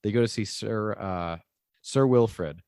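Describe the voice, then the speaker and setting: A lower-voiced man chats through a movie plot, rambling and laughing often. He acts out bits of dialogue along the way. His voice sits close to the mic in a dry, dead room. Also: takes it slowly, darkish tone, smooth, no echo. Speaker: podcast co-host. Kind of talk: casual movie review chat.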